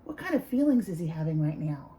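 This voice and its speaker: A woman who teaches preschool, leading circle time with young children in a slow, encouraging singsong. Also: deep voice, sing-song, mellow, a little hiss or hum, low-quality recording.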